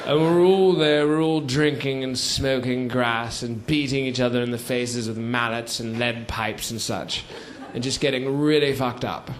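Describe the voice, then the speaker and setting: On a theater stage before a live audience, a stand-up comedian becomes a rambling old British chap, leaning on "you see" and "sort of" in every line. His medium-pitched voice keeps fairly even intonation at a normal speed with few pauses, and the live recording is noisy.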